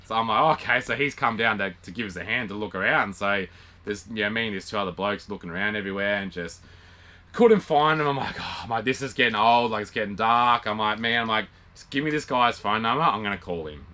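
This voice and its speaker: A young Australian man casually telling a story, acting out the dialogue with lively, animated quoting. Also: lowish voice, fast talker. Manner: animated retelling with quoted dialogue and laughs. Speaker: vlog co-host.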